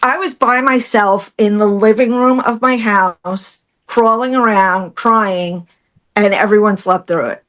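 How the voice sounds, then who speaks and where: Brief: middle-aged woman, podcast guest, lively storyteller, mid-pitched voice, laughs easily. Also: unhurried. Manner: animated, acts out quotes, laughs through hard moments. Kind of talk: personal storytelling in conversation.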